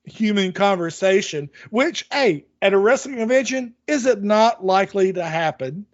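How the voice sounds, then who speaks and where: Man, podcast host, rambling casual chat, higher voice, dry lo-fi recording. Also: expressive, normal speed, no room sound. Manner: rambling, many restarts. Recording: dull dry lo-fi audio.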